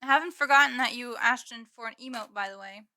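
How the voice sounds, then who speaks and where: Woman streamer, casual home stream; bright, slightly high voice, giggly, loose with swearing. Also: fast talker. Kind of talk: casual live-stream chat. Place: home room with green screen.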